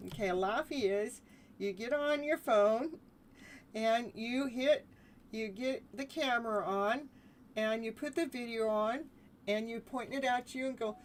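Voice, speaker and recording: A woman's voice: on the high side, unhurried, a little hiss or hum. A woman giving a live tarot reading, chatty and laughing often as she talks. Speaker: tarot reader.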